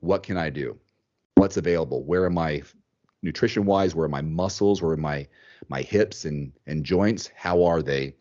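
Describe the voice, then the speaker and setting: Podcast host, male, low voice, animated and chatty, dull lo-fi sound. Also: moderate pace. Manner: animated, thinks aloud, repeats words. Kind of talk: casual chat.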